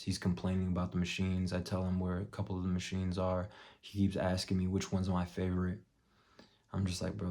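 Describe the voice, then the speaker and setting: A young man vlogging, telling a story bluntly with plenty of swearing and dropping to a hush for his own thoughts. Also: low voice. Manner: profane, blunt, drops to a muttered hush for quoted thoughts. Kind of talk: casual storytelling vlog.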